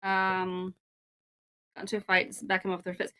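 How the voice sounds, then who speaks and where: Giggly bright woman reading aloud. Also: lowish voice, monotone, clear, resonant tone. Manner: giggly, reads haltingly. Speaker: podcast co-host. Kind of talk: casual chat, reading an article aloud.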